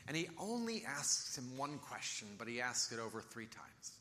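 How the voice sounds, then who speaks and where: A man preaches a sermon in an animated storytelling way, his voice bright and forceful. He drops into softer, lower tones when he voices the people in the story. The sound carries a long reverb, like a large church sanctuary. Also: normal speed. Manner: animated storytelling, acting out quoted lines in soft low voices. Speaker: pastor.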